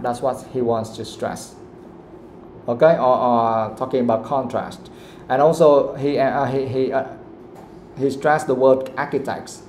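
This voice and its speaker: A man teaching an English pronunciation class, explaining slowly and checking in with "okay?" after nearly every point. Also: medium pitch, fairly even intonation, darkish tone, reverberant, a little hiss or hum. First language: Vietnamese. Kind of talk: live classroom lesson.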